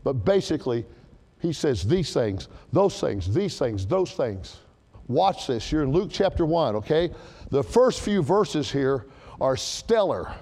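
Emphatic preacher in an echoing hall. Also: male voice, mid-range voice, unhurried. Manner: animated, emphatic, repeats key words. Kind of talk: sermon.

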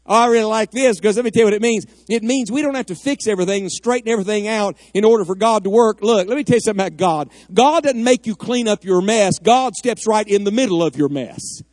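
A man's voice: high voice, quick pace, few pauses, darkish tone, dry recording. A middle-aged man preaching a fervent, emphatic sermon in a church, rising at times to cries of prayer. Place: church sanctuary.

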